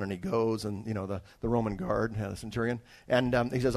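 A man's voice: medium pitch, very fast, hardly any pauses, darkish tone. A man from Alaska, a traveling evangelist, telling a personal testimony story in a conversational way, with restarts and asides to his listeners. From Alaska, United States.

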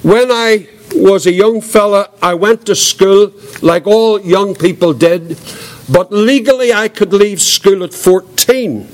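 An older man giving his testimony as a preacher, earnest and reflective, with a quiet voice. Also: high voice, slow. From Northern Ireland. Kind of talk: testimony sermon.

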